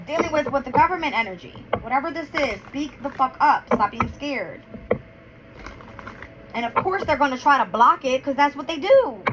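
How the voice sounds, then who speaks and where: A woman doing a casual tarot and astrology reading, counting cards aloud and getting heated, blunt and full of swearing. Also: high-pitched. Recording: dull lo-fi with clear background noise.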